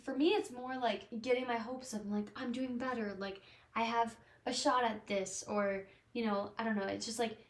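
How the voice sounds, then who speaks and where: A woman's voice: fairly high pitch, fairly even intonation, moderate pace. A woman co-hosting a casual book-club podcast, talking in a loose, chatty way full of "like". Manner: chatty, heavy use of "like". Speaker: podcast co-host. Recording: echoey room.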